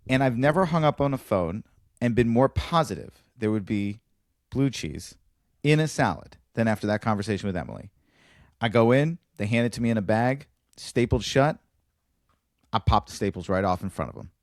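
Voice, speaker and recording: A man's voice: normal speed, no echo, studio quality. A man co-hosting a podcast, casually telling a stand-up bit and acting out the dialogue with big jumps in his voice. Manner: animated storyteller, acts out dialogue with big pitch jumps. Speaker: podcast co-host, comedian.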